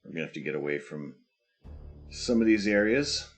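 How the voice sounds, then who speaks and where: A man's voice: low-pitched, normal speed, faint music behind. A Canadian man streaming live, chatting casually and answering viewer questions as they come in. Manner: relaxed, reads viewer questions aloud and answers them.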